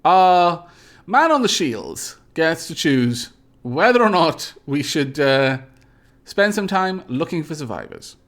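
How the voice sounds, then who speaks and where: A man hosts a live game stream, his voice sitting a little high and swinging widely in pitch. He reads the event text aloud with theatrical flair and answers chat in courteous, old-fashioned phrasing. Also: sing-song, slow pace, fairly bright tone. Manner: polite, formal phrasing.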